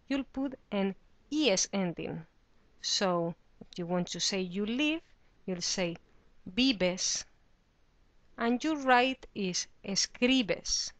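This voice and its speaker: A woman's voice: mid-range voice, fairly bright tone, no echo. A woman teaching a beginner lesson, explaining patiently and saying the example words with careful pronunciation. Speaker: Spanish teacher. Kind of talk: slow, clear teaching explanation.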